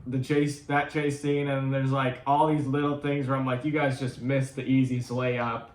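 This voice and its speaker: A man co-hosting a casual review chat, relaxed and hesitant, with many fillers. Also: mid-range voice, normal speed, roomy sound, far from the mic. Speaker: podcast co-host.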